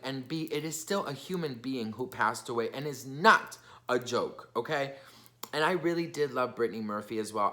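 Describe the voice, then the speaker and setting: A man's voice: mid-range voice, pushed and bright. A young man vlogging, telling a casual story in a chatty, gossipy way with lots of fillers.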